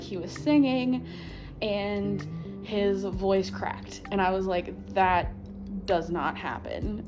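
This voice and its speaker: A young woman chatting casually to camera from her living room floor, laughing often and filling her talk with "like" and "um". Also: mid-range voice. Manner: chatty, animated, laughs often, many fillers. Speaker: vlogger.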